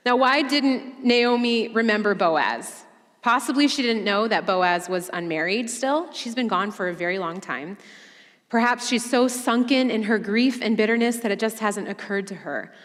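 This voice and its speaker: A woman's voice: on the high side, animated, moderate pace, a bit bright, in a large hall. A woman leading a women's Bible study in a conversational, humorous way with chatty asides. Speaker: women's ministry director teaching a Bible study.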